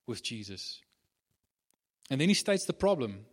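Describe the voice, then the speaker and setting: A man preaching a sermon at an ordinary middle pitch. He hammers his points through repetition and often restarts his sentences, with plenty of fillers in between. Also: very animated, unhurried. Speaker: pastor.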